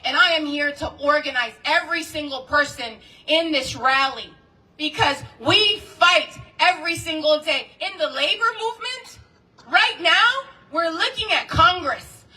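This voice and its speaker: Woman organizer, high bright voice, rousing outdoor rally speech, heard from a distance. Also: measured pace. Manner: impassioned, leads call-and-response chants. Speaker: labor organizer speaking at a rally.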